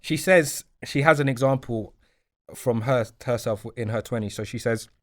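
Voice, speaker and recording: A man's voice: medium pitch, normal speed. A man co-hosting a book podcast, reading a passage aloud for discussion. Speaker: podcast co-host.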